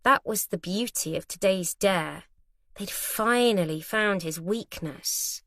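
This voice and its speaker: A woman narrating a thriller audiobook in a measured, steady storytelling manner. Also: mid-range voice, no room sound, clean studio sound. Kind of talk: scripted narration.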